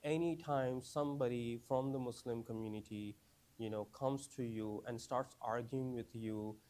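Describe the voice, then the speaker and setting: In a steady, mellow, medium-pitched voice at normal speed, a man teaches new Muslims in a relaxed, conversational manner. He keeps questioning the class, repeats himself, and frequently says "right?" and "you understand?".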